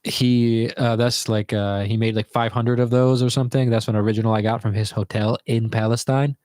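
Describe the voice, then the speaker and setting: A man's voice: medium pitch, fairly even intonation, brisk, a little mellow, no room sound, clean studio sound. A young man telling a rambling, casual story to viewers from his bedroom, swearing freely as he goes. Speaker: vlogger.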